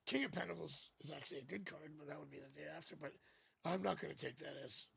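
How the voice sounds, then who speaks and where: A man's voice: a little high, fast talker, creaky, fairly bright tone, husky, dry recording. A man hosting a live tarot reading, talking casually and rambling, joking as he goes, on a new studio microphone. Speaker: psychic tarot reader hosting a live stream.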